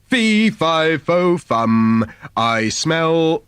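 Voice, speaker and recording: A man voicing a huge, menacing male fairy-tale giant who chants slowly and loudly. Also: very animated, clear, resonant tone, dry recording, heavily acted. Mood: booming. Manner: slow, loud and booming chant.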